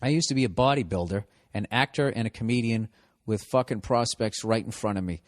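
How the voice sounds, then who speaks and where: A man's voice: medium pitch, animated, brisk, no room sound, studio quality. A man with a Boston accent, hosting a podcast and reading listener mail in a sarcastic, mocking, profane comedic rant. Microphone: studio podcast mic.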